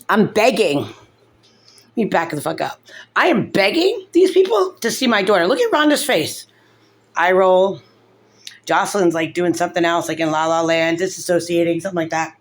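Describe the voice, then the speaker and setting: Frustrated mom venting on her vlog, says like a lot, kinda low voice. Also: very animated, normal speed, pauses often. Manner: rambling, full of "like", upset and tearful. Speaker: mother in a custody case. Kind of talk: emotional vlog commentary.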